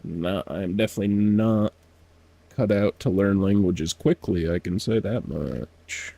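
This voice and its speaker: Gravelly, slow-talking man streaming a game. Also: low-pitched, dark tone. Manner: muttering to himself, laughing often; sounding out foreign words. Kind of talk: casual gameplay commentary.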